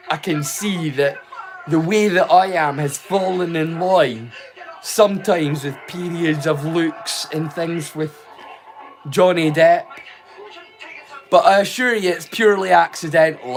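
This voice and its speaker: A Scottish man chats to his livestream viewers, swearing freely and breaking into laughter. His voice sits high for a man, and faint music plays behind him. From Scotland. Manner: rambling, sweary, quick to laugh. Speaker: livestream host. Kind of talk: casual chat.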